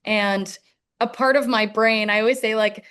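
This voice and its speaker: A woman's voice: fairly high pitch, steady tone, normal speed, fairly bright tone, clear, resonant tone. A young adult woman musician in a casual interview, talking in a rambling way with many fillers. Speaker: musician guest.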